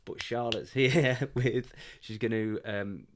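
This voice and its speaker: A man hosting a podcast in a warm office, chatting casually in a rambling, jokey, self-deprecating way. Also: lowish voice, steady tone, takes it slowly, slight background noise. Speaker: podcast host.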